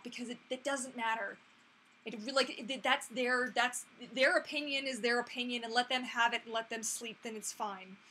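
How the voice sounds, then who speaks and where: Woman in her thirties, bright tense voice, slightly high, rambling casual livestream chat. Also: a little hiss or hum. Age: 30s. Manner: chatty and rambling, full of fillers and restarts. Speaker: livestream host answering viewer questions.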